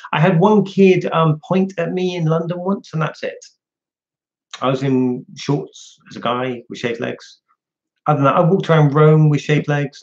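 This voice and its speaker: A man's voice: fairly high pitch, darkish tone, highs cut off. A man hosting a casual livestream, chatting and answering viewers' questions one by one. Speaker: livestream host.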